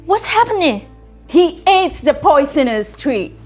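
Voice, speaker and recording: A woman acting out a troubled young woman with a very high voice who pleads slowly and deliberately for forgiveness. Quiet music runs underneath her. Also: big pitch swings. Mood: pleading.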